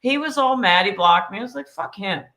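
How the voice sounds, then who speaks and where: Brassy woman co-host, blunt and foul-mouthed; bright, higher voice. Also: quick pace. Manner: blunt, profane, animated ranting. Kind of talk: casual podcast chat.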